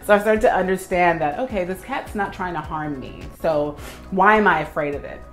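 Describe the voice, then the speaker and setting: A young woman, an organizer by trade, tidies on camera while animatedly telling a story and mimicking how she used to react. Her voice is lowish and a little fast, over soft background music.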